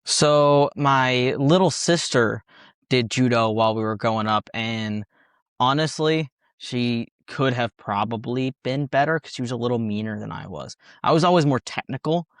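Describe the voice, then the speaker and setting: A man's voice: medium pitch, moderate pace, clear, resonant tone, no echo, clean studio sound. A young man from Texas, a fighter and coach, talking casually in an interview, laid-back and technical, often laughing.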